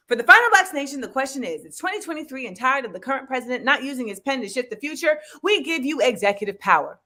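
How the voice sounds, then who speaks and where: A woman hosting a comedy game show, loud and hyped with casual slang. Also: fairly high pitch. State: out of breath.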